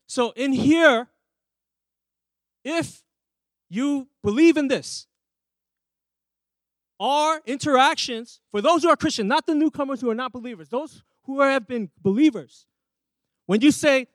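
A man's voice: extremely high pitch, expressive, a little slow, pauses often, dry recording. A man who is a pastor, preaching a sermon and often asking the congregation questions. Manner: emphatic, asks the congregation questions. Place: church.

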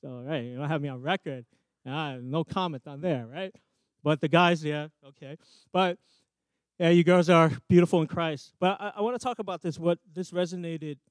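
A man's voice: on the high side, normal speed, dry recording. A man in his thirties, a youth pastor, giving a rambling, self-joking sermon to a youth group on a microphone. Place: church youth service with audience.

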